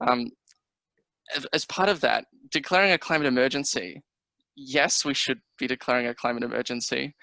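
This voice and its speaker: A man running for local council speaks with passion and a gravelly edge. His tone is bright and a little tense as he fires off rhetorical questions. The sound is dry and close, as on a video call. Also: mid-range voice, no room sound, rough recording. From Australia. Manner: impassioned, fast, rhetorical questions. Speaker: council candidate. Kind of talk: campaign speech on a video call.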